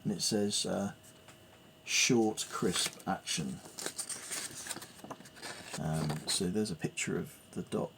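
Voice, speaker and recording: A man's voice: low voice, steady tone, normal speed, vocal fry, few pauses, heavy background noise. A man thinking aloud as he works through piano theory, reading notes and musing hesitantly with fillers. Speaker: piano learner. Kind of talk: thinking aloud while studying music theory.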